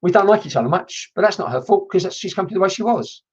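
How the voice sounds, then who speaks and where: A woman's voice: medium pitch, animated, quick pace, husky, highs cut off. A woman working as a medium, giving a chatty live-streamed reading and swearing casually as she talks. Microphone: computer mic on a video stream.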